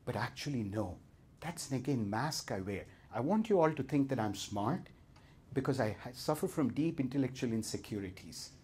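A man's voice: medium pitch, animated, normal speed, a little mellow, slightly rough. A middle-aged man with an Indian accent leading a live seminar, self-mocking and playful as he talks straight to the audience. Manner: playful, self-mocking, addresses the crowd directly. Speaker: seminar leader.

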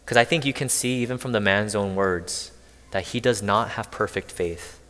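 A man with a fairly low voice preaches earnestly, pressing his listeners with rhetorical questions. His voice carries a long reverb, as in a church hall. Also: normal speed, fairly bright tone. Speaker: pastor. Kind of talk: sermon.

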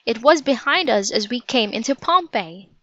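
A woman's voice: fairly high pitch, lively intonation, moderate pace, a bit bright, no echo, lo-fi sound. A woman voicing a cautious, practical young boy in a storybook, speaking plainly. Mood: worried.

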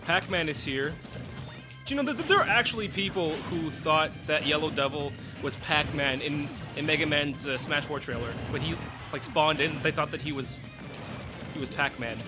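Excitable young man over game music. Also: on the high side, normal speed. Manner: excitable, chatty, frequent outbursts and restarts. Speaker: gaming YouTuber. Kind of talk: casual let's play commentary.

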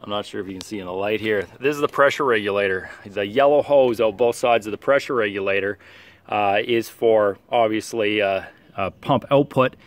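A man getting over a cold, with a nasal voice, giving a casual outdoor how-to walkthrough of his sprayer and lawn, halting with many fillers. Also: on the low side, no echo. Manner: halting, many "uh" fillers, practical and matter-of-fact. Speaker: turf care professional vlogger. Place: outdoors in a yard and at the pump.

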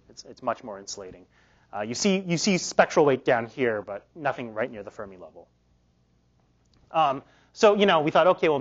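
Male lecturer, hoarse, halting research talk, many restarts, dull lo-fi recording. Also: mid-range voice. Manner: loose, halting delivery with many fillers and restarts. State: losing his voice. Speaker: physics lecturer. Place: lecture hall.

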